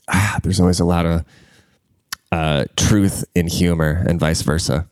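A man's voice: low-pitched, fairly even intonation, measured pace, clear, resonant tone, no echo. A man hosting a show, ranting casually with constant swearing and a congested voice. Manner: crude, rambling, swears constantly. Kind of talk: casual profane rant.

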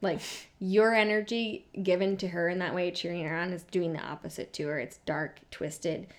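A woman's voice: on the low side, steady tone, normal speed. Candid, laughing young woman co-host. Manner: candid, profane, laughs often, quotes people in small voices. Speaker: podcast co-host. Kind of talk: casual chat recapping reality TV.

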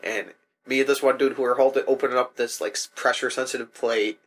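A man's voice: medium pitch, fairly even intonation, fast. A young man co-hosting a casual chat, laid-back and profane as he complains about games. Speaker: podcast co-host.

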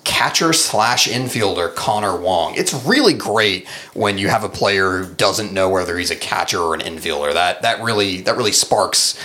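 A man's voice: deep voice, normal speed, few pauses, pushed and bright. A man co-hosting a casual chat, reading comments aloud with sarcastic, mocking asides. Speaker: podcast co-host.

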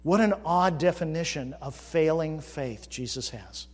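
A man preaching in a large sanctuary, his somewhat high voice carrying a husky edge. His words ring out with a long reverb, swinging from hushed musing to forceful questioning. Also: unhurried. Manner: builds from quiet reflection to loud emphatic questioning. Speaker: pastor. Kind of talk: sermon. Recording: reverberant hall.

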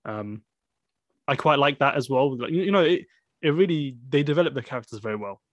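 A man's voice: medium pitch, expressive, brisk, no echo, lo-fi sound. A man casually discussing a film with a friend, rambling with many fillers and restarts.

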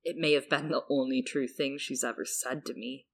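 A woman co-hosting a podcast, summarizing a book chapter and reading passages aloud in a relaxed way. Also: extremely low pitch, moderate pace, vocal fry, husky. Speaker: podcast co-host.

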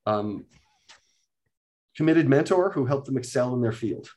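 A man, a guest, explaining things step by step in a casual talk, often pausing with "um". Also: mid-range voice, expressive, darkish tone, a little hiss or hum. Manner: explains methodically, with many hesitations and "um"s. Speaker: guest, card deck inventor.

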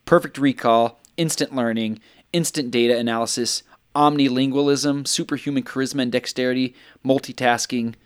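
A man's voice: mid-range voice, steady tone, normal speed, clear, resonant tone. A man co-hosting a podcast in casual chat, playful with mock-dramatic buildups. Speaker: podcast co-host.

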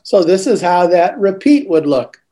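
A man's voice: high voice, very animated, normal speed, warm tone. A man acting as a teaching coach, explaining classroom routines and modeling greetings with sing-song emphasis. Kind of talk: coaching talk.

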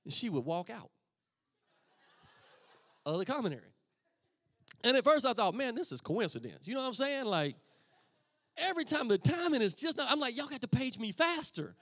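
A middle-aged man, a pastor preaching a sermon as a lively story and acting out the voices of the people in it. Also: very high-pitched, normal speed, long pauses, no echo. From Texas. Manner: animated, acts out voices of friends and himself.

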